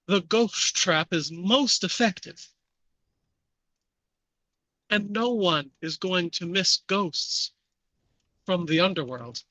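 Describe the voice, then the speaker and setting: A man's voice: high voice, slow, long pauses, bright, forceful tone, no echo, exaggerated voice. Man doing a muffled French ghost-eater. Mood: coaxing. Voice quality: muffled, pleading then bargaining. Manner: wheedling, persuasive. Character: trapped male ghost-eating French chef, scheming.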